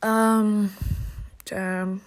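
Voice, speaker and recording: A woman's voice: mid-range voice, level tone, very slow. A young woman hosting a casual solo podcast into her phone, chatty and self-mocking, laughing often. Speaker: podcast host.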